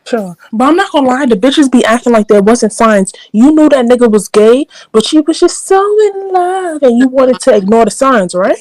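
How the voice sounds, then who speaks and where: A woman's voice: a little high, expressive, normal speed, few pauses, darkish tone, dry recording, low-quality recording. A woman from New York City with a New York accent, talking bluntly and with lots of profanity in a casual livestream chat.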